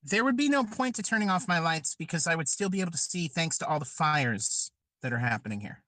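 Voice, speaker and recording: A woman's voice: deep voice, lively intonation, brisk, a bit bright, no room sound. A woman talking casually on an online group call, laughing often and swearing freely as she gushes. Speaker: podcast panelist.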